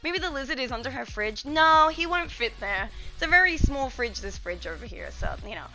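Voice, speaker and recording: Soft music plays behind this young woman as she talks to her chat from the kitchen, her high voice animated, a touch fast, bright and pushed. She comes across as scatterbrained, chatty and slightly winded in this relaxed live-stream conversation.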